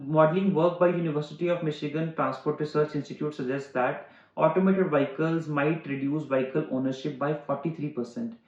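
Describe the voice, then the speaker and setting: A male English-exam tutor explaining answers step by step, often pausing on "uh" and restating terms in simpler words. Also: a little high, echoey room, highs cut off. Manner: frequent "uh" fillers. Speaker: IELTS teacher. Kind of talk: online exam-prep lesson.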